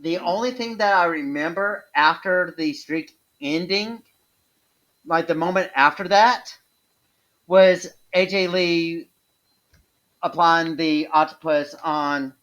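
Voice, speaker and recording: A man co-hosting a casual wrestling podcast, talking haltingly with frequent restarts and chuckles as he recalls. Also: a little high, a bit bright. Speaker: podcast co-host.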